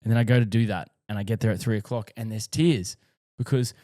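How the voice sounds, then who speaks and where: A man's voice: lowish voice, fairly even intonation, fast talker, mellow, no room sound, clean studio sound. A man, talking frankly in a rambling, sweary way about being a parent. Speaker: dad vlogger. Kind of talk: casual monologue.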